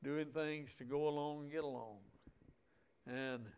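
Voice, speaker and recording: A man preaching a sermon, reading scripture aloud and explaining it in a folksy, deliberate way, stretching out words for emphasis. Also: fairly high pitch, steady tone, darkish tone, clean tone.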